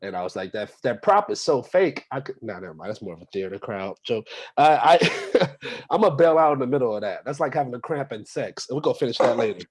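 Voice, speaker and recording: A man's voice: medium pitch, expressive, quick pace, breathy edge. A young man doing a stand-up set at an open mic, talking loosely with plenty of fillers. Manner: loose, conversational delivery with many fillers. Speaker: stand-up comic.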